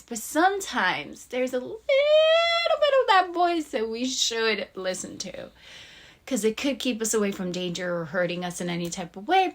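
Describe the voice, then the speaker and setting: Earnest woman vlogger with a higher voice. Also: a bit bright. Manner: earnest, encouraging, chatty. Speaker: YouTube vlogger. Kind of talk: casual motivational vlog talk.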